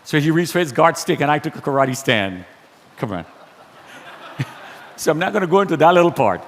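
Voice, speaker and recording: A man tells his story in a church hall, his high voice leaping up and down as he acts out the people he met. His words ring with a long reverb, over a faint hiss. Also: brisk. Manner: animated, acts out dialogue with shifting pitch. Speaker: guest speaker sharing testimony. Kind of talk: storytelling testimony. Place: church auditorium.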